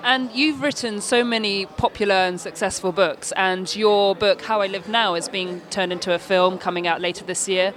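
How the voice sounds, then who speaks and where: An interviewer with a mid-range voice asks careful, polite questions at a measured pace. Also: mid-range voice, fairly even intonation, fairly bright tone. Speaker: podcast interviewer.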